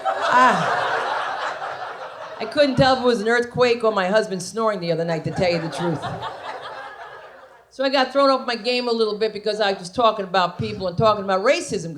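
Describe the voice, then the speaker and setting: A woman's voice: medium pitch, lively intonation, a little fast, a little hiss or hum. Brash New woman doing stand-up. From New Jersey, USA. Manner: brash storytelling with acted-out quotes and loud punchlines. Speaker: stand-up comedian. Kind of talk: stand-up comedy set. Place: comedy club stage. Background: audience laughter.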